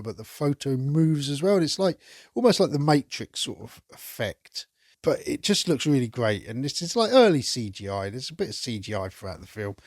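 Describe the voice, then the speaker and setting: A man's voice: medium pitch, no echo, clean studio sound. A man hosting a podcast, chatting enthusiastically through a casual film review and swearing now and then. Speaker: podcast host.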